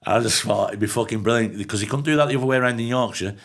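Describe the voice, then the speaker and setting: A man's voice: mid-range voice, very fast. A man with a Lancashire accent, co-hosting a podcast in casual pub-style chat, telling rambling stories full of swearing. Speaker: podcast co-host.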